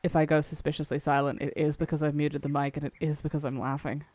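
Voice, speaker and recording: A woman's voice: low voice, little pitch movement, fast talker, darkish tone, no echo. A woman streaming a video game, chatting casually, swearing and laughing easily. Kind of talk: casual gameplay commentary. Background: faint game music.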